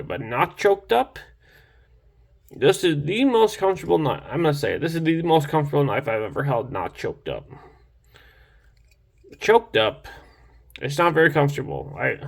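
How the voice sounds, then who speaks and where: A man's voice: fairly high pitch, vocal fry. A young man casually reviewing a knife in a rambling, enthusiastic vlog, full of restarts and fillers.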